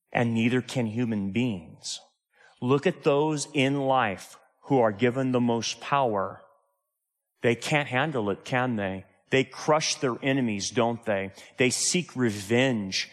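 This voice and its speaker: A man's voice: medium pitch, big-room sound. A man preaching a sermon as pastor, emphatic and driving his points home with rhetorical tag questions.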